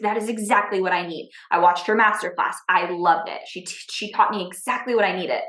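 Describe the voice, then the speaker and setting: A woman business coach and podcast host, teaching through personal stories in an energetic way and often checking in with "okay?" and "right?". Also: medium pitch. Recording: roomy echo.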